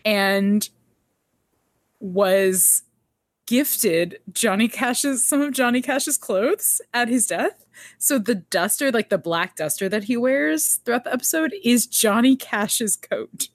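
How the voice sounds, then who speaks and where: A woman's voice: on the high side, expressive, slow pace, no echo. Woman co-host, chatty recapper with a light laugh, dry close sound. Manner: chatty, laughs often, quotes characters. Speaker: podcast co-host. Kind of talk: casual recap chat.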